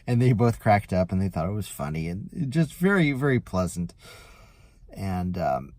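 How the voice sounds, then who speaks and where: A man, a rideshare driver, telling a story in a casual vlog in a chatty, animated way. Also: low-pitched, moderate pace, no echo. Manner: chatty, animated retelling with lively quoted voices.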